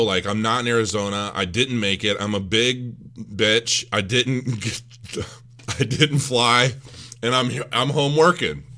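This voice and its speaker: A man's voice: mid-range voice, bright, forceful tone. Self-mocking man rambling through a story. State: recovering from illness. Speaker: crypto vlogger. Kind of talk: casual storytelling vlog.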